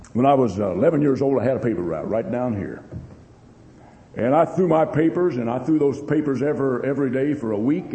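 A man's voice: mid-range voice, dark tone. A man preaching a sermon, telling a story with lots of repeats and strong rising and falling emphasis. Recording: long hall reverb.

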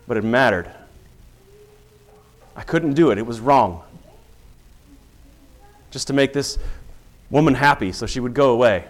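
A man's voice: medium pitch, expressive, normal speed, pauses often. A middle-aged man, a police officer, telling a personal story in earnest and acting out the dialogue as a testimony of faith.

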